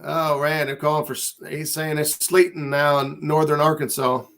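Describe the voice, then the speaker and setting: A man's voice: a little high, little pitch movement, normal speed, a bit bright. A man hosting a casual livestream chat, laid-back and rambling as he reads out viewer comments. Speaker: livestream host.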